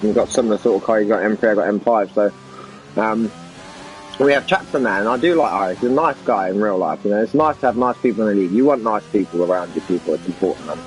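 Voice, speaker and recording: A man giving casual, excitable commentary on an esports racing league, talking to viewers. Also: lowish voice, quick pace, faint music behind, rough recording. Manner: excitable, chatty, addresses viewers as guys.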